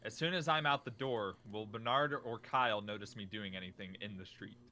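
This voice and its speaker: A man playing a tabletop game, casual and excitable with plenty of swearing. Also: fairly low pitch, brisk, a little hiss or hum. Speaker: player.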